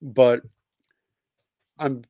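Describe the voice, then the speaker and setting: A man's voice: medium pitch, steady tone, very slow, warm tone, dry recording. A man co-hosting a casual sports podcast, blunt and profane, laughing at his own points. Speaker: podcast co-host.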